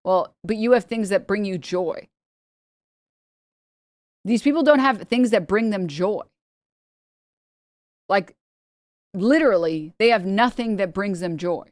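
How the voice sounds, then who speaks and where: A woman's voice: mid-range voice, measured pace, long pauses, a little mellow, no room sound, studio quality. Sarcastic rambling woman streamer. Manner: rambling, sarcastic, laughs often, mocking voices. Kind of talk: casual commentary stream.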